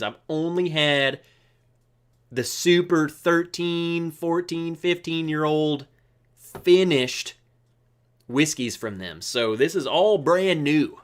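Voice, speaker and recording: A man hosting a live stream, chatting casually and joking as he greets viewers by name. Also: fairly high pitch. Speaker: livestream host. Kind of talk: casual live chat reading viewer comments.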